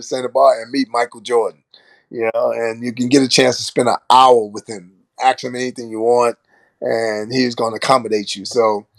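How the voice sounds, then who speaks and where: A man's voice: medium pitch, gravelly, dry recording. Older man telling a story. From Brooklyn, New York. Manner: animated anecdote-telling with laughs and acted quotes. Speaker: podcast guest. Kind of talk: storytelling in casual chat.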